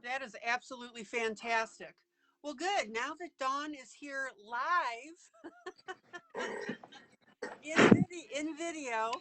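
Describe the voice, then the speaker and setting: A woman's voice: high voice, slow pace, pauses often, fairly bright tone. A woman hosting a live online coloring broadcast, cheering and chatting casually with her viewers. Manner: enthusiastic, cheering, laughs often. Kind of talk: casual live-stream chat. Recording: noisy live-stream audio.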